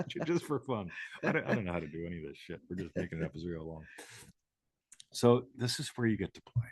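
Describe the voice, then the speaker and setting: Aussie guy hosting a live show, low husky voice, dry sound, rambles and swears. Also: animated, quick pace, no room sound. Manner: rambling, swears, laughs often. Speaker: host. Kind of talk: live show casual chat.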